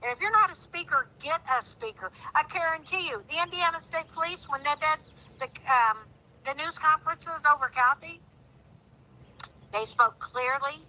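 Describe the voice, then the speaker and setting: Bright-voiced woman, heartfelt and emphatic. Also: high voice, moderate pace, poor audio. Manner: heartfelt, rising to indignant outbursts. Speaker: guest. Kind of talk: emotional phone-in conversation.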